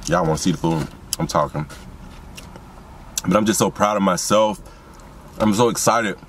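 A young man talks low and a little deep, rambling with excitement as he speaks straight to his viewers. He records on a phone in a parked car. Faint car and street noise sits behind him. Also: normal speed. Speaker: vlogger and seasoning business owner. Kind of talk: casual car vlog while eating.

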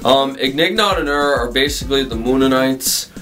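A man's voice: mid-range voice, normal speed, fairly bright tone, faint music behind. A man hosting his own comedic vlog in a casual, goofy way, laughing often between lines. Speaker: vlog host.

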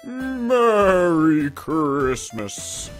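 A gamer doing a jolly, drawn-out holiday greeter whose words crawl out at a very slow pace. The voice swoops up and down with a lively, exaggerated pitch, and a faint tune plays behind it. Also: male voice, soft background music, exaggerated voice. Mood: jolly drawl. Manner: drawn-out, exaggerated celebrity impression.

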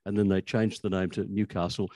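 A man's voice: sits low, little pitch movement, fairly quick, mellow, dry recording. An older Australian man giving a conversational, anecdotal talk about language history, with frequent restarts. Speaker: author speaking on language history.

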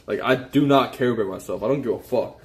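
A man's voice: medium pitch, fast talker, a loud crowd. A man live streaming, ranting in an agitated, profane, repetitive way. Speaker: IRL streamer. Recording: noisy live-stream audio.

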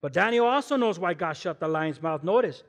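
A man with a high-pitched voice preaching a sermon in a church, his words trailing off into a long hall reverb. He is animated and emphatic, firing rhetorical questions at the congregation and dropping in casual slang along the way. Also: brisk. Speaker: guest pastor. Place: church sanctuary.

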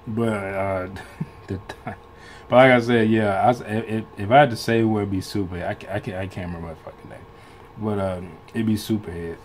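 A man's voice: fairly low pitch, fairly even intonation, brisk, a little hiss or hum. A man hosting a reaction video in casual, rambling commentary, swearing freely and laughing often between loose, restarting sentences. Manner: laughs often while talking.

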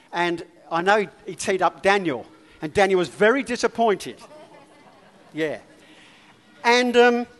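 A man tells a personal story from the pulpit in a chatty, animated sermon. His voice sits high for a man and swoops widely in pitch. The sound rings out with long reverb from a church hall. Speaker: lay preacher. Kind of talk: informal sermon.

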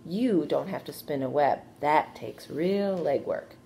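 A wise and patient female spider who explains things calmly and gently, read by a woman in a storybook. Her voice sits low and warm, with faint background noise. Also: measured pace, vocal fry. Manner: calm, gently instructive storybook voice.

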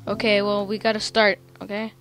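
A woman hosting a casual gameplay session, goofy and excitable, often breaking into sing-song chants. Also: mid-range voice, a little fast. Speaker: let's play host.

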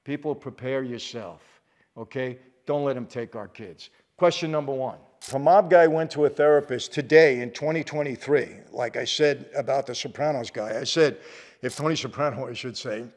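An older man speaking straight to his viewers in a fired-up commentary. His voice sits a little high for a man, and he hammers points by repeating them. He keeps turning to the audience with direct appeals. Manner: worked up, emphatic, repeats phrases for force; addresses viewers directly as "people". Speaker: channel host. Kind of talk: impassioned commentary to camera.

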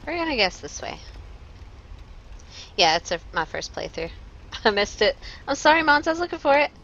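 A woman's voice: fairly high pitch, very animated, moderate pace, fairly bright tone, highs cut off, a little hiss or hum. A young woman streaming a video game live, chatting with her viewers and joking as she panics at what happens on screen. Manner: jokey, panicky, talks to chat. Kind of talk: live gameplay commentary.

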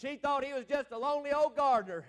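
A man, preaching a revival sermon. He tells his story fervently, moving between quiet, hushed stretches and loud, climbing exclamations. He keeps coming back to "I'm telling you" and "amen.". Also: a little fast. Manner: swings from low, hushed telling to loud, high preaching peaks. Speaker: evangelist preacher.

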